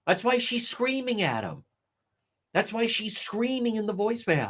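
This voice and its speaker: A sharp-tongued man commenting live into his stream mic, blunt and profane, sneering as he mimics the people he talks about. His voice sits a little high for a man and swings widely in pitch. He sounds animated and scornful throughout. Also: normal speed, slightly rough. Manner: sarcastic and mocking, acts out others' quotes. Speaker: livestream commentator. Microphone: livestream microphone.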